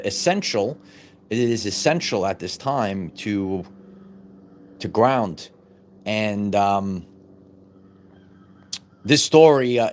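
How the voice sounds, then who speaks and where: A man vlogging about wellness, telling a story in a casual monologue with many restarts and repeated words. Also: lowish voice.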